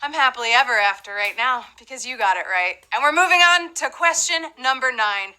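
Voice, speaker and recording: A woman's voice: sits high, expressive, fairly quick, pushed and bright, clean tone, low-quality recording. A woman hosting a live trivia game show, chatty and playful, with asides to the players.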